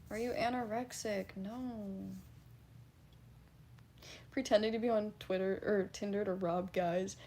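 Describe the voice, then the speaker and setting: A woman's voice: mid-range voice, fairly even intonation, measured pace, long pauses, mellow, a little hiss or hum. A woman livestreamer casually reading and answering chat, blunt and laughing, swearing freely.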